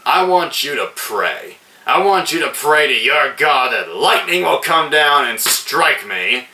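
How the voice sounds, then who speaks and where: A man's voice: a little high, sing-song, measured pace, echoey room, distant mic, pitched above the performer's own voice, heavily acted. A man doing a sneering murderous outlaw villain. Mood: menacing. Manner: sneering, shouted taunts.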